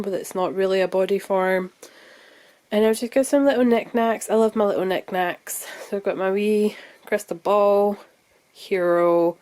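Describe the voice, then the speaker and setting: A woman with a Scottish accent chatting casually at home for her vlog, thinking out loud as she goes. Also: mid-range voice, steady tone, normal speed. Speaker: vlogger. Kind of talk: casual chat. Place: room at home.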